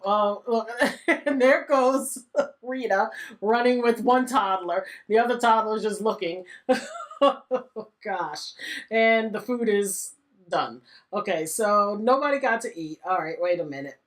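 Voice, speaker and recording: A chatty woman talks through her gameplay in a middle-range voice, sounding exasperated and laughing often. Her commentary is loose and conversational, like a casual let's-play. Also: medium pitch. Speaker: gaming channel host.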